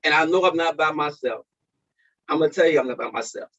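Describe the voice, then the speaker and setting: Man giving an impassioned testimony. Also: fast talker. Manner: impassioned, swinging between loud peaks and hushed lows. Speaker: speaker at a men's mental health conference. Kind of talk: personal testimony speech. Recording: dull lo-fi recording.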